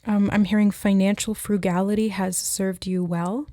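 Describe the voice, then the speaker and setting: This tarot reader speaks to camera in a warm, medium-pitched voice that barely moves in pitch, keeping a normal speed. She muses aloud through an intuitive card reading, passing along messages as she receives them. There's no echo, and the sound is studio quality.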